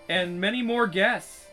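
A man's voice: high-pitched, pushed and bright, rough recording. A man hosting his channel in casual, profane commentary, rambling with frequent restarts. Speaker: channel host.

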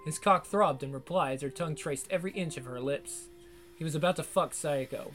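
A man narrating an audiobook in a steady storytelling read. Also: a little high, brisk. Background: faint guitar music.

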